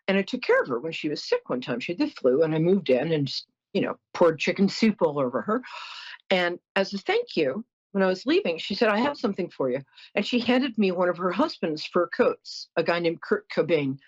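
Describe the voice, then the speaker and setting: Husky and fairly low, this middle-aged woman's voice comes through a muffled recording. As host of a psychic call-in program, she's warm and apologetic but blunt, chatting freely and sharing stories.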